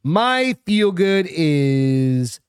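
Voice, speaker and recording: A man's voice: a little high, very animated, drawn-out words, clean tone, no echo, studio quality. A man co-hosting a casual podcast, blunt and profane, reading a news item aloud. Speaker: podcast co-host. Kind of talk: casual chat.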